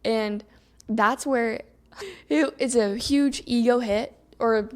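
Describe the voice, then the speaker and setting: A young adult woman hosting a solo podcast, talking in a chatty, animated way and acting out her own inner thoughts. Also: on the high side, takes it slowly. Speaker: podcast host.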